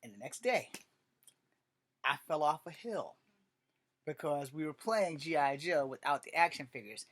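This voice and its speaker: A man's voice: on the high side, animated, measured pace, pauses often, fairly bright tone. A man casually telling a personal story, rambling and swearing with lots of fillers. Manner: rambling and profane, full of fillers. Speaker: vlogger.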